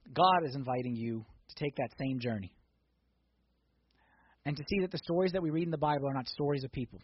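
A man preaching a sermon in a church, swinging from hushed intensity to loud, excited exhortation. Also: fairly high pitch, slightly rough, no room sound, lo-fi sound. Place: church sanctuary.

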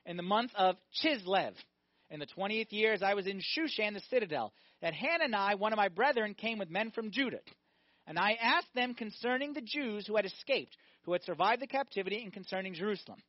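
High-voiced priest giving an animated sermon, dry dull sound. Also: male voice, no room sound. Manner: animated, asks the congregation questions. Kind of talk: lively sermon.

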